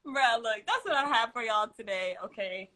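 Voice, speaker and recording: A woman's voice: on the high side, animated, normal speed, heavy background noise. A woman hosting a tarot livestream from home, chatting casually in slang, laughing often and reading out viewer comments.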